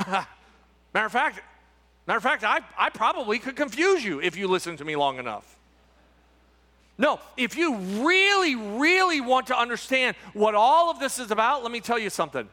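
A man's voice: very high voice, sing-song, moderate pace, pushed and bright. A male pastor giving an Easter sermon with emphatic preaching, repeating words and tossing rhetorical asides to the congregation. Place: church sanctuary. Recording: reverberant church sanctuary.

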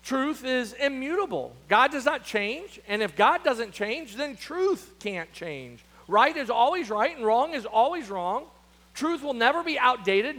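Man, pastor, sermon, very high voice, animated pitch, emphatic, stretched key words, hushed asides.

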